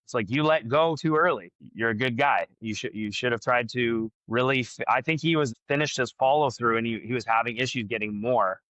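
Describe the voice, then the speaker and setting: A man, a jiu-jitsu black belt and gym owner, talking candidly as a podcast guest and thinking out loud with lots of fillers. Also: medium pitch, fairly quick, few pauses, no echo, lo-fi sound. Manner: candid, frank, talks through his thinking with many fillers. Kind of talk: casual podcast conversation.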